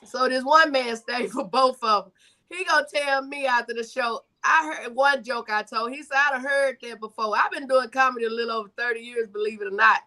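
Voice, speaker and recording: A woman's voice: on the high side, steady tone, brisk, sharp tone. A woman comedian telling joke stories and acting out the voices in them. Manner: storytelling, acts out quoted voices. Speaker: comedian guest. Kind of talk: telling stand-up jokes.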